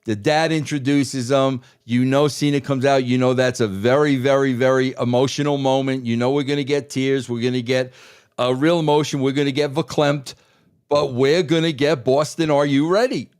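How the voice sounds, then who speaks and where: A man's voice: mid-range voice, steady tone, moderate pace, darkish tone, smooth. Emphatic man, repeating for effect. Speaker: podcast co-host, former wrestling writer. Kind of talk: casual wrestling talk.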